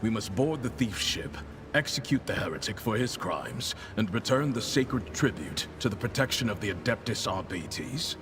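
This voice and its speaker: Stern game enforcer, clipped orders, lively low voice, noisy audio. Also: male voice, normal speed. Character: stern male law enforcer officer.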